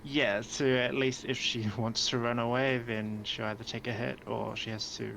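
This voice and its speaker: A man's voice: mid-range voice, level tone, moderate pace, creaky, a bit bright, slight background noise, low-quality recording. A man talking as a player in a tabletop game, thinking aloud as he works out the movement. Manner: thinks aloud while counting. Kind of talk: casual tabletop game chat.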